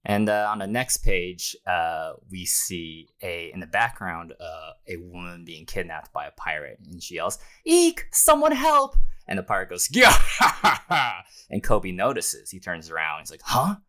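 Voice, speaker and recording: A man's voice: low voice, moderate pace, hardly any pauses. A man co-hosting a podcast, recapping a manga chapter casually, laughing often and acting out the characters' lines. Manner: animated, laughs often, acts out panel dialogue. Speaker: podcast co-host.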